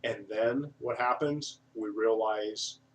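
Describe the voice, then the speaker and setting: A man giving an energetic, self-described eccentric video monologue, acting out excited buyers in a raised voice. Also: lowish voice, slow, far from the mic. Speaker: online marketing reviewer.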